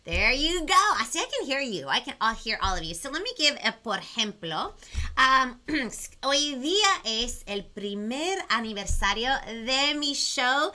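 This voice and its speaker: A woman's voice: high voice, big pitch swings, moderate pace, bright, forceful tone. A young woman hosting a bilingual children's live-stream lesson, bubbly and sing-song, talking straight to her viewers. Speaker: children's show host.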